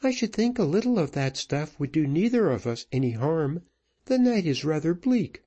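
A brisk, outspoken sailor's wife with salty, teasing talk and a voice pushed well up in pitch, as a male reader puts her on. She speaks in a lively, swooping way. Storybook reading. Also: slightly rough, highs cut off. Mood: coaxing.

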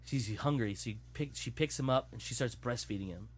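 Man swearing through an animated retelling. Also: medium pitch, brisk. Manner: animated, profane storytelling. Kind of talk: casual chat.

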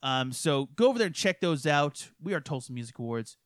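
High-pitched guy ranting, swears constantly, dead dry sound. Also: very animated, brisk, fairly bright tone, dry recording. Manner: ranting, crude, laughs often. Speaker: podcast co-host. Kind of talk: profane casual chat.

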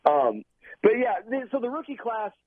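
A man giving casual football analysis on a call, talking quickly and animatedly with frequent restarts. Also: very high voice, sing-song, dry recording. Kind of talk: casual sports talk. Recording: muffled phone line, dry.

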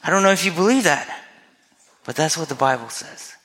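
A man's voice: on the high side, animated, fairly quick, long pauses, a bit bright. A man preaching a sermon as a pastor, earnest and conversational, often asking his listeners rhetorical questions. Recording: long hall reverb.

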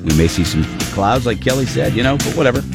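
A man's voice: medium pitch, expressive, quick pace, over loud music. Rambling middle-aged man on morning radio. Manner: rambling storyteller with many restarts and fillers. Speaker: radio morning show host. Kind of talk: casual radio banter.

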